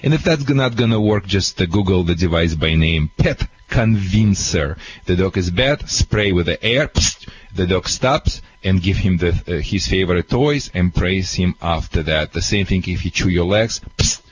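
A man who is not a native English speaker gives earnest, halting advice to a caller on a call-in radio show. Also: deep voice, lively intonation, lo-fi sound, slight background noise. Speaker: dog trainer.

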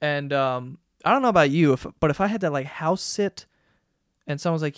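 A young man with a fairly high voice rants on his own podcast, swearing often and jumping between asides. The sound is close and dry, with no room around it. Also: normal speed, no room sound. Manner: profane, rambling, animated retelling. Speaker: podcast host. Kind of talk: solo comedic rant.

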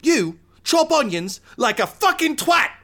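A man voicing a bossy, foul-mouthed male alien chef who yells in a high, shrill voice. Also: very animated, a little slow, heavily acted. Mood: furious.

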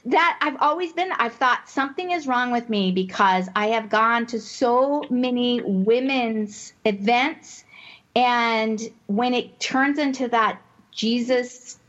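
Animated woman chatting, dull lo-fi sound. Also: fairly high pitch, takes it slowly. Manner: animated storyteller, laughs often. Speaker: podcast co-host. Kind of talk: casual Christian women's chat. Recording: dull lo-fi audio.

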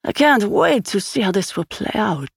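A woman voicing a sly, coy male villain trader who draws out his words slowly and mockingly. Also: lowish voice, very animated, creaky, no room sound, studio quality, full character voice. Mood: purring.

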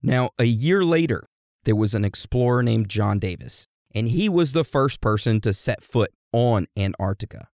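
This storyteller explains history like a raunchy comedy class, talking to listeners as his students and loading it with slang and profanity. His medium-pitched voice is animated and slightly mellow, moving at a moderate pace, and the recording is dry and studio quality.

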